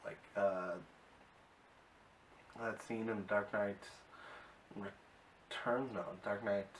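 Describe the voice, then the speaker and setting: A man's voice: on the low side, steady tone, extremely slow. A man casually recapping and reviewing a TV episode, rambling with many fillers and open enthusiasm. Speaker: video reviewer. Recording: distant mic with faint hiss.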